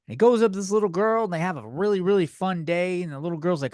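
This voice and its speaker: A tipsy man hosting a comedy podcast, ranting loudly and repeating himself. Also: sits high, fast, few pauses, no echo, studio quality. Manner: drunk, loud outbursts, repeats himself. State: tipsy from beer. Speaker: podcast host. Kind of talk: comedic rant.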